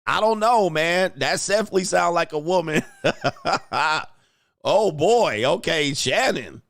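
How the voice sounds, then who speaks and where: A man's voice: fairly high pitch, expressive, slow, vocal fry, a bit bright, a little hiss or hum. A man hosting a casual reaction commentary, slangy and often laughing and exclaiming. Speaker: commentary channel host.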